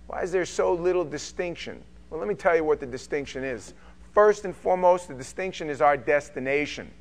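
Pastor guy preaching hard in church, kinda high voice, loud then quiet. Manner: emphatic preaching with shifts between loud and quiet. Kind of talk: sermon. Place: church sanctuary.

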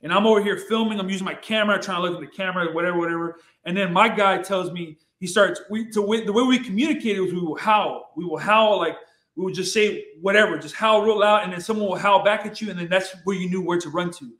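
A man telling a casual story as a podcast guest, excitable, swearing freely and repeating himself as he goes. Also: high voice, fast talker. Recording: roomy echo.

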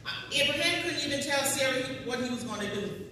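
A woman's voice: high voice, fairly quick, bright, forceful tone, slight background noise. A woman teaching a Sunday school class in a church, talking in a folksy, emphatic, conversational way. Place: church hall. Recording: echoey church hall from far off.

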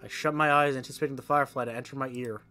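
Bright-voiced man reading game text aloud. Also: medium pitch, fairly even intonation, rapid-fire, soft background music. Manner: sarcastic asides, swears at the game. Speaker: streamer.

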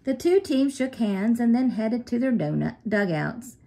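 A woman narrating a children's story in a steady, clear way. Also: a little high, unhurried.

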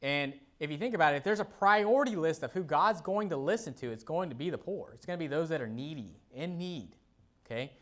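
Conversational pastor preaching, okay-filled delivery. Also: male voice, fairly high pitch, lively intonation, brisk, fairly bright tone. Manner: conversational, peppered with "okay?" and "you know"; reads scripture aloud in King James wording. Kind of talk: sermon.

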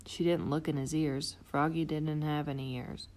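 A woman reading a children's picture book aloud, expressive and playing out the sound effects. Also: low-pitched, moderate pace. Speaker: storybook reader.

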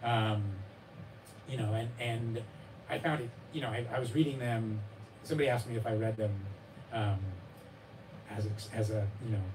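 A man's voice: mid-range voice, steady tone, normal speed, long pauses, noisy background. A man at a live bookstore event talking about his memoir, rambling and self-deprecating, with many restarts and fillers, often acting out the voices of others with a laugh. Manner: acts out his child's and readers' voices with laughs. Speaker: author discussing his memoir. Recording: distant mic with room ambience.

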